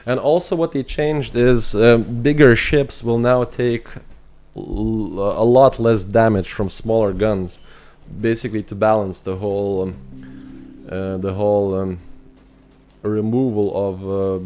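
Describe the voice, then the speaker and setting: Irish male streamer, lowish voice, rambling and friendly with chat. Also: steady tone, a little slow, a little mellow. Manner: chatty, thinks aloud with fillers and restarts; reads chat messages aloud and answers viewers. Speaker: game streamer. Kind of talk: casual live-stream chat.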